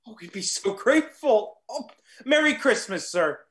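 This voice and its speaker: A man's voice: high-pitched, very animated, normal speed, a bit bright. Man as humble clerk and father, grateful, gushing. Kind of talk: amateur online theatre.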